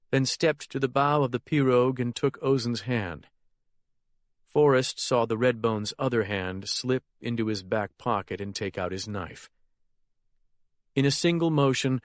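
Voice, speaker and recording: A male narrator reads a dark crime thriller at a steady, measured pace. His voice sits in a plain middle register. The recording is dry and close, with no room sound. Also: medium pitch, no echo. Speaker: audiobook narrator. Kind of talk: scripted narration.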